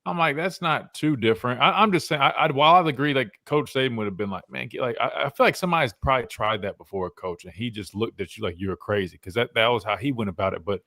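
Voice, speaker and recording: A man's voice: medium pitch, fast talker, few pauses, a bit bright, dry recording. A man hosting a sports talk show, loose and conversational with lots of slang. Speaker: show host, former linebacker.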